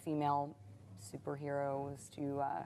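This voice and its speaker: An actress on a cast panel, talking thoughtfully and haltingly with many fillers. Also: female voice, sits low, completely flat delivery, warm tone, a little hiss or hum. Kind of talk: reflective casual talk.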